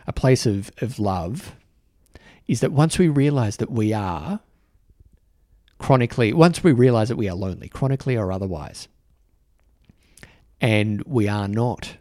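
Aussie guy doing a heartfelt solo podcast, a bit low-voiced, keeps restarting his sentences, dry close sound. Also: mellow, no room sound. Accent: Australian. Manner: earnest, halting, many restarts. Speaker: podcast host. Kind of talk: reflective solo talk to camera. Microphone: microphone in front of him.

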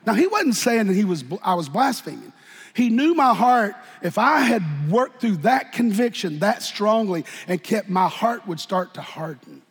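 Husky high-pitched preacher guy, folksy storytelling, yells then goes quiet, long church echo. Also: big pitch swings, moderate pace. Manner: swings from shouted bursts to hushed, quiet talk. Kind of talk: sermon with personal testimony. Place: church sanctuary.

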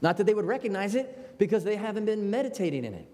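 Animated American pastor preaching in a reverberant hall. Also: male voice, sits high, fast. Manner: animated, conversational preaching with quoted asides. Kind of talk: sermon.

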